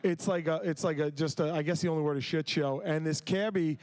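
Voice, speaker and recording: A man's voice: a little high, steady tone, a little fast, a little mellow. A man from New York telling crude, brash anecdotes as a panelist at a comedy convention panel.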